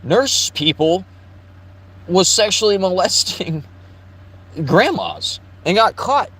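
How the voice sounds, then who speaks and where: A man's voice: high-pitched, big pitch swings, slow, fairly bright tone, husky. A man telling a rambling, blunt personal story, swearing freely and restarting his sentences. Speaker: vlogger. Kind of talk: casual storytelling.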